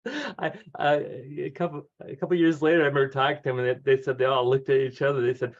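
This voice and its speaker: A man in his sixties, a guest author telling lively stories, acting out the voices of people he quotes and laughing often. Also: medium pitch, fast. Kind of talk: conversational storytelling. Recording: dull lo-fi audio.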